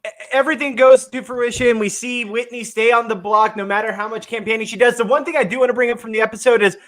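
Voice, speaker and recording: Male co-host, high voice, friendly, rambly casual chat. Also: steady tone, fast talker, fairly bright tone. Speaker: podcast co-host.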